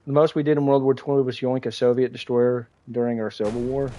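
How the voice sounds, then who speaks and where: A man's voice: medium pitch, little pitch movement, fast, hardly any pauses, mellow. A young American man chatting casually with his live chat while playing a game, swearing now and then. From United States. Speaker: live streamer.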